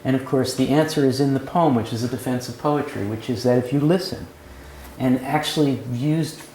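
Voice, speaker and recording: A man's voice: medium pitch, moderate pace, darkish tone. Man leading a poetry seminar in a roomy cafe. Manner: lecturing, questioning the group. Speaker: seminar leader. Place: cafe room with a seminar group. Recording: roomy room sound, faint background noise.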